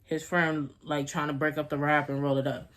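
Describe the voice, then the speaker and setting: A woman's voice: sits low, flat delivery, moderate pace, a bit bright. A young woman vlogging at home, telling a casual story in a rambling, slangy way with laughs.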